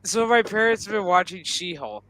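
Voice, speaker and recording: A man telling a story in a casual chat, animated, swearing and laughing as he goes. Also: high voice, normal speed, crowd noise, rough recording.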